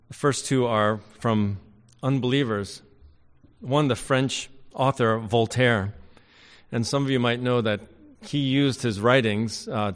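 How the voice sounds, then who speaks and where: A man delivering a sermon in a large church, his voice carrying a long reverb through the hall. He preaches with emphasis, rising to loud declarations and dropping to quiet asides, at an everyday male pitch. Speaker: pastor.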